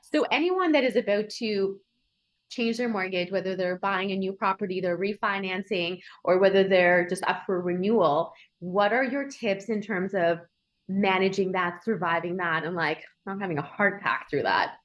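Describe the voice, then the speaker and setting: A woman's voice: mid-range voice, normal speed, dull audio. A woman hosting a podcast interview, chatting casually, laughing often and acting out quoted lines with bubbly energy. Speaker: podcast host.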